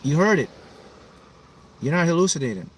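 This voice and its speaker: A man's voice: a little high, very animated, moderate pace, a little hiss or hum. A man hosting a motivational livestream, talking emphatically and repeating himself to pump up his viewers. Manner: emphatic, repetitive, pumping up viewers. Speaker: manifesting coach hosting a livestream.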